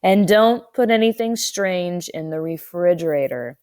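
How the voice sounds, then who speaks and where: A woman's voice: fairly low pitch, animated, unhurried, dark tone. A woman voicing a tired, unimpressed mother who sounds like a bored teenager.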